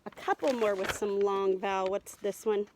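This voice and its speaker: A woman's voice: mid-range voice, fairly even intonation, normal speed, noisy background. A woman teaching a remote reading lesson to first graders, patient and encouraging as she sounds out words.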